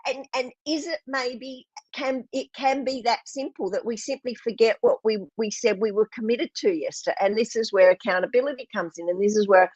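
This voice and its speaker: A woman's voice: fairly high pitch, fairly quick, hardly any pauses, a little mellow, husky. A woman hosts an online interview, talking with eager enthusiasm and frequent restarts. Her voice comes through a dull, muffled video-call line. The sound is dry, with no room echo. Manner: enthusiastic, many restarts and fillers. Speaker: host.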